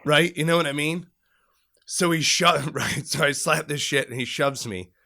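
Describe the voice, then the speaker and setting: A middle-aged man co-hosting a podcast, telling a military story in casual, profane chat and acting out shouted quotes. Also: on the high side, moderate pace, creaky.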